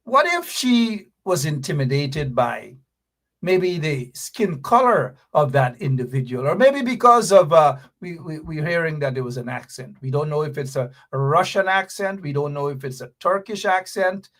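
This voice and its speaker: A man hosting a political commentary stream, his voice sitting a little higher than most men's. He hammers his points home with indignant emphasis and keeps circling back to the same lines. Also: animated, normal speed, fairly bright tone. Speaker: host.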